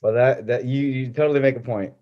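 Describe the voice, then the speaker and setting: A man's voice: medium pitch, fairly even intonation, brisk, muffled recording. A man hosting a casual podcast interview, asking loose, stumbling, enthusiastic questions. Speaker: podcast host.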